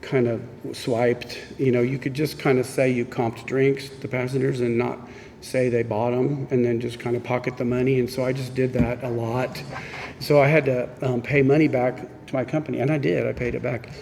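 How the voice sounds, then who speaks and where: A man's voice: mid-range voice, level tone, normal speed, gravelly, a little mellow. A man from Missouri telling his recovery story at a meeting, candid and self-mocking, acting out old conversations as he goes. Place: meeting room. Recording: echoey hall with faint background noise.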